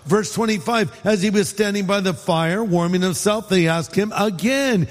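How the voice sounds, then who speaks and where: Pastor from California, casual joking sermon delivery, reverberant large hall. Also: male voice, high-pitched. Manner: conversational, joking, shifts between quick asides and slow emphasis.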